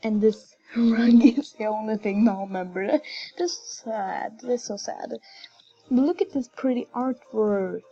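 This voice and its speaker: A woman's voice: fairly high pitch, a little slow, mellow. Giggly, gushing woman on a dull mic. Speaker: game commentator. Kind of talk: casual gameplay commentary. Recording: dull lo-fi recording.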